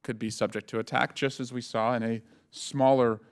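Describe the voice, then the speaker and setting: A man, a congressman, questioning witnesses at a congressional hearing in a measured way with frequent pauses and fillers. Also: medium pitch, level tone, smooth. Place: hearing room.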